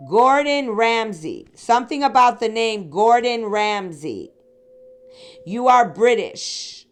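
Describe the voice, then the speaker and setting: A woman's voice: fairly high pitch, lively intonation, slow pace, faint music behind. A woman from the Chicago area giving a casual psychic reading, rambling and talking straight to her listeners. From Chicago area, USA. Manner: rambling, addresses listeners directly with "okay?" and "sweetheart". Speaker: psychic reader. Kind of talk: casual spiritual reading monologue.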